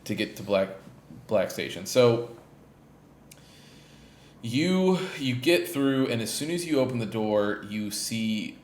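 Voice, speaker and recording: A man's voice: medium pitch, lively intonation, takes it slowly, long pauses, slight background noise. A man hosting a gaming podcast, casually recapping a game in a rambling way, in a roomy echoey space. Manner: rambling, lots of fillers and restarts. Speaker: podcast host. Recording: roomy echo.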